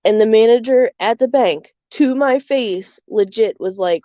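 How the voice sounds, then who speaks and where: A woman's voice: a little high, unhurried, hardly any pauses, mellow, no echo, highs cut off. A young adult woman streaming live, chatting candidly with many fillers. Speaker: livestream host. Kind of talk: casual chat.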